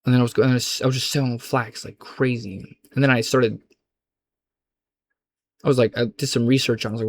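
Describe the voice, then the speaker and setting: A man's voice: medium pitch, flat delivery, fairly quick, long pauses. A young adult man in a casual, rambling gaming chat, loose and slangy, often restarting his sentences. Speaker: gaming vlogger.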